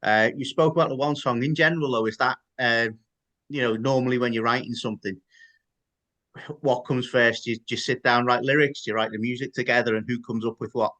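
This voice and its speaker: A man's voice: medium pitch, fairly even intonation, brisk, sharp tone. A man interviewing a band, asking stumbling, jokey questions in a casual way.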